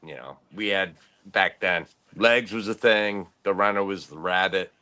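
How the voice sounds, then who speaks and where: A man's voice: low voice, a little slow, sharp tone. A man in his late fifties, a podcast host, telling rambling stories in casual chat and laughing often. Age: 50s.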